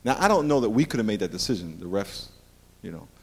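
A man's voice: on the low side, very animated, fast, vocal fry, breathy edge. A middle-aged man preaching a sermon as pastor, a playful storyteller who jokes with the congregation.

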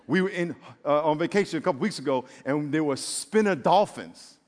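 A man with a high voice preaches to his congregation in a church. He's animated and jokey, acting out little voices and talking to the crowd as y'all. A long reverb trails his voice through the hall. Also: a little fast. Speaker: pastor. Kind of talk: sermon.

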